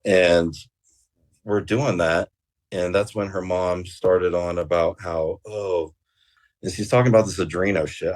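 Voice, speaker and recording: A man guest on an interview show, telling a rambling story casually with plenty of swearing and fillers. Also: sits low. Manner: rambling and profane, with many fillers.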